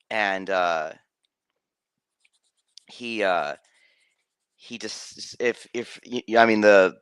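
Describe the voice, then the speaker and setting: Slow, bright-voiced rambling game master man. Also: low voice, clear, resonant tone, no room sound. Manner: rambling storyteller, many restarts and fillers. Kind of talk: casual stream chat.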